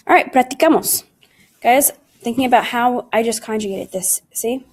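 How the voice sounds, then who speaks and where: A woman's voice: a little high, normal speed. A woman teaching a recorded Spanish lesson, speaking in English. She walks through the material patiently and keeps calling the class "guys". She drops Spanish words and conjugations in between her English. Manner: patient, explains step by step and often calls the class "guys".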